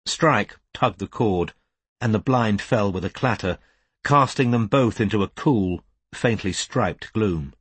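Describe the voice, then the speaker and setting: A man reads an audiobook in a calm, measured voice that slows at quiet moments. His tone is slightly husky, and the recording is dry and close. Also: lowish voice, dry recording. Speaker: audiobook narrator. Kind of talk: scripted narration.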